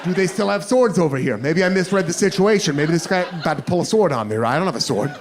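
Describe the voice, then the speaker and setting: American guy doing stand-up, high lively voice, crowd laughing loud, noisy room. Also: fast. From United States. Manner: animated storytelling. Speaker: stand-up comedian. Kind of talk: stand-up comedy set. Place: live comedy venue.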